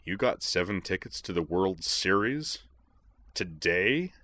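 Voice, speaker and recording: A man's voice: low voice, lively intonation, a little slow, bright, forceful tone, exaggerated voice. A man doing a big, laid-back young guy.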